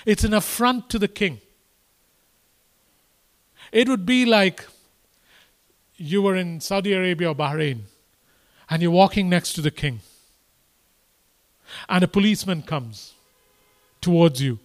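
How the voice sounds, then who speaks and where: A man preaching a sermon, repeating his points and building to impassioned, emphatic exhortation. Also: sits high.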